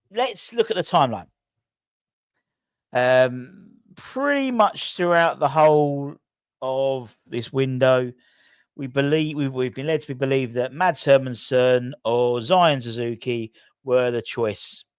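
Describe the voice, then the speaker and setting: This casual news vlog comes from a man hosting a fan channel, his voice mid-range and the audio free of echo. He wanders as he talks, correcting himself while thinking out loud.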